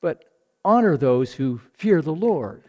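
A man's voice: on the high side, sing-song, takes it slowly, darkish tone. A man delivering a devotional sermon in a slightly raised voice, taking his time over each phrase. He sighs audibly and swells into fervent emphasis on key points. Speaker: preacher.

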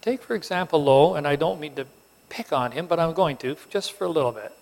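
Man, preacher, sermon, animated storytelling, slightly high voice, long hall reverb. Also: brisk, gravelly, slight background noise. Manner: animated storytelling, acts out characters with rising emphasis.

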